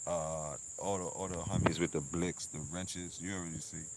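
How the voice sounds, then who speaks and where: A man chats casually on his livestream. He is laid-back, full of slang and giving shout-outs, and he repeats words as he goes. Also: sits low, little pitch movement, moderate pace, very noisy. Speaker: streamer and show host.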